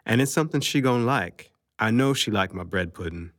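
A man voicing an easygoing, affectionate middle-aged uncle who talks in a relaxed drawl. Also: fairly low pitch, normal speed, no room sound, studio quality.

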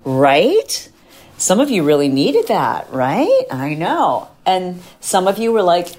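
Chatty low-voiced woman podcast host. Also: slow pace. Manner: chatty and animated, slips into quoted voices. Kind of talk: casual solo podcast chat.

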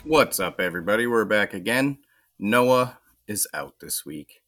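A man's voice: on the low side, lively intonation, measured pace, a bit bright, faint music behind. An American man hosting a podcast, talking in a casual, plainspoken way. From United States. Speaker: podcast host.

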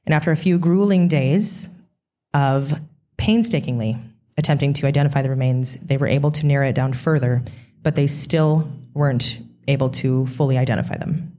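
Low-voiced woman co-hosting true crime. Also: fairly even intonation, moderate pace, mellow. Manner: rambling, frequent restarts, sarcastic asides. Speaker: podcast co-host. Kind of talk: true crime podcast chat.

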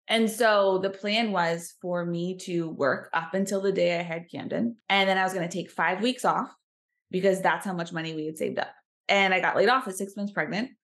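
Woman guest, 30s, lowish voice, rambling casual chat. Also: fairly bright tone. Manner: chatty, many fillers like "like".

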